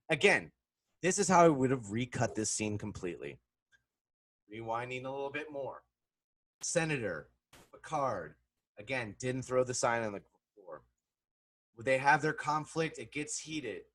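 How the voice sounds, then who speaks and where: A man's voice: mid-range voice, animated, normal speed, pauses often, fairly bright tone. Swearing, sarcastic male film critic. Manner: sarcastic, swearing, swings between mutters and outbursts. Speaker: commentator. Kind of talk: profane reaction commentary.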